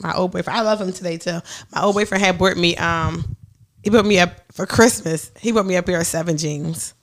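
A woman's voice: on the low side, a little fast. A woman hosting a podcast in casual chat, blunt and profane, laughing often. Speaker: podcast host.

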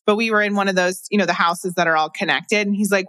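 A woman's voice: medium pitch, fairly even intonation, fast, a bit bright, no echo. A middle-aged woman hosting a podcast interview, chatting casually and laughing easily. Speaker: podcast host.

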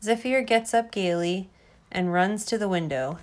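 A woman reading a storybook aloud to her child, gentle and expressive. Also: medium pitch, measured pace.

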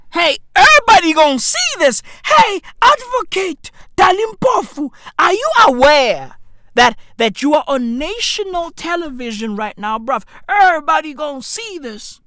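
Close, dry audio captures a woman's high, bright voice as she swears her way through excitable comedic reactions. Her pitch swings wildly, she repeats phrases for effect, and she speaks in a slow, drawn-out way.

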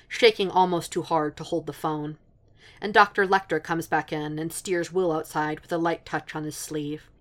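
A woman narrates fan fiction as an audiobook. Her voice sits low, and she keeps a steady, even storytelling pace.

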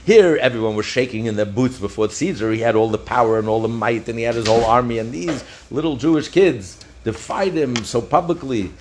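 A man's voice: medium pitch, brisk, hardly any pauses, a little mellow, slight background noise. A man teaching a daily Talmud lesson, retelling the story with passion and mixing in Hebrew phrases. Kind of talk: daf lesson.

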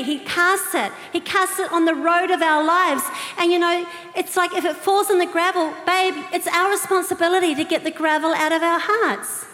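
A woman's voice: extremely high pitch, a bit bright. A woman preacher delivering a sermon, chatty and playful, with humorous asides to the congregation. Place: large church auditorium. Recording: echoey hall with long reverb.

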